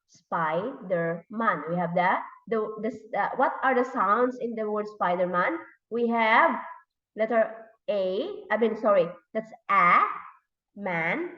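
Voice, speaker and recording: A woman English teacher with a Thai accent leading a classroom lesson, slowly repeating words and sounding out letters and syllables. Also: mid-range voice, distant mic. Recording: echoey room, dull lo-fi sound.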